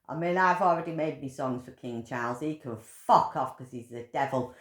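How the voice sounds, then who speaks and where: A woman ranting to camera, swearing heavily and rambling as she grows loud and heated. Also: a bass voice, normal speed, few pauses. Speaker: vlogger. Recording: echoey room.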